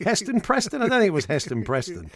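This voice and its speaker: A man's voice: sits high, quick pace, dry recording. A man co-hosting a radio podcast, telling stories in casual, teasing banter. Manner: chatty storyteller, lively and teasing. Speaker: radio co-host.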